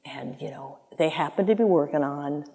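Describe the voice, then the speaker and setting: A woman's voice: sits low, normal speed. A woman in her sixties, a former album art director, telling stories in an interview and acting out the voices of people in them. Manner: animated storyteller who acts out voices in her anecdotes. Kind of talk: conversational interview storytelling. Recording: long hall reverb.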